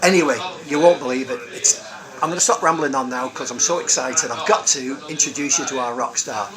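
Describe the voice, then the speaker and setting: A man's voice: mid-range voice, fairly quick. A man hosting in character, rambling cheerfully through one-liner jokes in a busy pub. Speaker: comic host in character. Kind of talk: joke-telling pub comedy. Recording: loud pub crowd behind.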